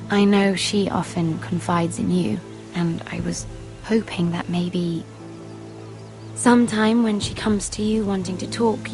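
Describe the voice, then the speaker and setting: An actress playing an earnest young handmaiden at a royal court in a video game, speaking softly and confidingly. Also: female voice, mid-range voice, close to an everyday voice. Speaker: game character. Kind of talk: voiced video game dialogue.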